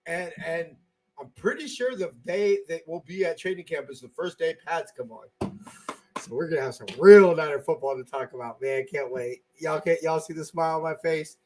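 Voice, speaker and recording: A man hosting a casual fan podcast, telling stories excitedly with lots of filler words and swearing. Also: a little high, moderate pace. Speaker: podcast host.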